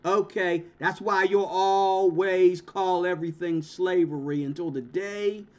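A man's voice: sits high, steady tone, measured pace. A man hosting his own channel, talking in an emphatic, confrontational monologue with lots of repeated words and restarts. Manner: emphatic, repetitive, stammering restarts; confrontational, ranting. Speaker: channel host. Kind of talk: monologue commentary vlog. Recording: dull lo-fi recording.

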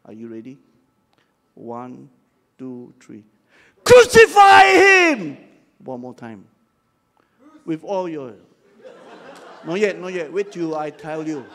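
A man's voice: mid-range voice, fairly even intonation, slow, long pauses. An older man preaching a dramatic sermon and leading the congregation in call-and-response. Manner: dramatic, leads the crowd in call-and-response shouts. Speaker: pastor.

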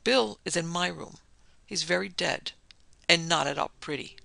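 Woman voicing a cold, calm male killer with a gravelly edge. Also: fairly low pitch, moderate pace, no echo, exaggerated voice. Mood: composed.

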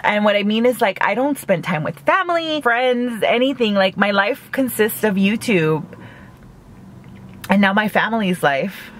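A woman casually chatting in a mukbang vlog from a parked car, talking fast with lots of "like" and laughing at her own jokes. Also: medium pitch, lively intonation, a little hiss or hum. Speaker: vlogger.

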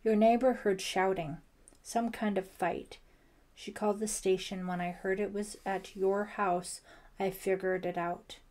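Woman doing a tired cop guy, firm, slow, kinda grim. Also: mid-range voice, steady tone, darkish tone, lightly acted. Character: grim middle-aged male police lieutenant. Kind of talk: audiobook character voice.

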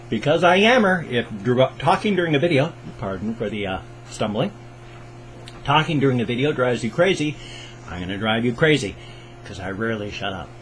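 A man's voice: medium pitch, slight background noise, poor audio. Folksy talkative older American man. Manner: folksy, self-deprecating, talkative, mock-sing-song bits. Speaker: reaction video host. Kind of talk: rambling casual vlog intro.

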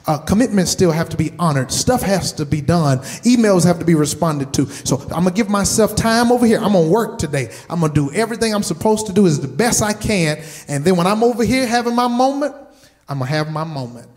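A man with a high voice delivers a sermon as pastor. He hammers his points home by repeating words and keeps turning to the congregation with direct questions. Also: lively intonation, fairly quick, a little mellow. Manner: emphatic, repeats words for stress.

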